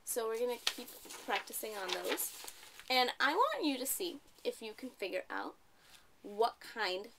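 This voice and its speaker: Tutor type, young adult woman, patient questioning delivery, slight fry, faint hiss behind. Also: fairly high pitch, sing-song, moderate pace, a bit bright. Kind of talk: one-on-one reading lesson.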